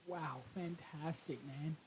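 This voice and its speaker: A man's voice: fairly high pitch, steady tone, slow, very noisy. A man giving casual, emotional reaction commentary as host, exclaiming and swearing casually.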